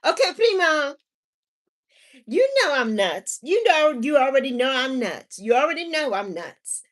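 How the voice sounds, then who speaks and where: A middle-aged woman chats casually on her livestream, reading comments out loud and laughing often. Her voice sits a little higher than most women's. She talks loosely and lively. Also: unhurried. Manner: animated, laughs often, reads chat aloud. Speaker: livestream host reading chat.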